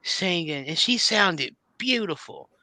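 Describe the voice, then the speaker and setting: A man's voice: fairly high pitch, animated, moderate pace, pushed and bright. A man chatting on a video call, playful and boastful, close to his mic. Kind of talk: casual chat. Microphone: close home mic.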